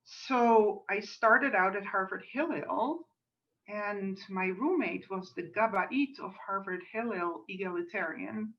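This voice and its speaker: A woman's voice: medium pitch, slow pace. A woman cantor from the Netherlands with a Dutch accent, chatting on a video call with frequent fillers and friendly asides. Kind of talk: friendly introductory talk before a service. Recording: distant, muffled video call audio.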